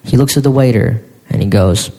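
A man performing a stand-up comedy routine, animated, with mock-shouting asides. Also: mid-range voice, a little fast. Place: comedy stage before an audience. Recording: live hall with reverb, faint noise.

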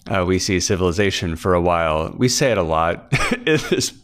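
Low, smooth-voiced man rambling. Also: lively intonation, a little fast. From Kansas, USA. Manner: rambling, many fillers and restarts. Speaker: author and podcast host. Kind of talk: casual behind-the-scenes chat.

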